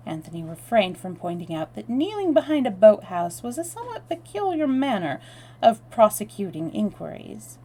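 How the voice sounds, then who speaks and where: A woman's voice: mid-range voice, very animated, moderate pace, mellow, poor audio. A woman reading a novel aloud on a live stream, with chatty asides to her viewers. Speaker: storytelling streamer.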